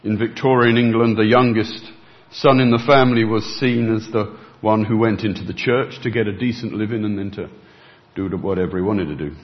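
A man's voice: fairly low pitch, steady tone, a little fast, lo-fi sound. A man preaching a sermon, expounding scripture earnestly and rising in emphasis at key points.

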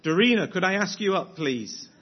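A man's voice: sits high, animated, moderate pace, echoey room. A man leading a church prayer, then hosting a gathering with encouraging remarks. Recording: dull lo-fi with faint hiss.

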